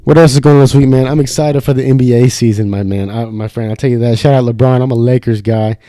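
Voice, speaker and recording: A man's voice: medium pitch, steady tone, fast talker, warm tone, no echo. A young man hosting a podcast in a studio, ranting loosely and swearing constantly in casual chat. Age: young adult. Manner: profane, ranting, fired up. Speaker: podcast host.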